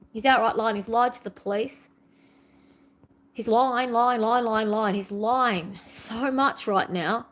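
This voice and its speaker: A middle-aged woman giving an earnest, repetitive, confessional monologue in a spiritual vlog, pouring out her feelings. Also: medium pitch. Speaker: spiritual vlogger.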